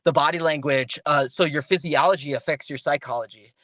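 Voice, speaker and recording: A man speaking as a guest on an interview podcast in casual, animated talk. He often restarts his sentences and acts out the voices of the people he quotes. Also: a little high, fairly quick, no room sound.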